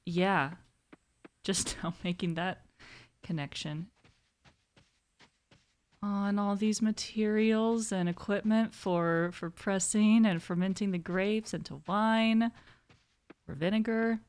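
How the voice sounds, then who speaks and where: A young woman giving gentle, calm and reflective commentary while she plays a game. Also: medium pitch, takes it slowly, long pauses, clean tone. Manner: soft-spoken, calm and reflective. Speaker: gaming video host. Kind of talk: gentle mindful gameplay commentary.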